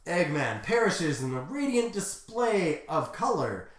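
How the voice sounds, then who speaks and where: Slow-talking woman streamer, echoey room. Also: fairly low pitch, big pitch swings. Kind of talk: reading fan fiction aloud. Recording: roomy echo.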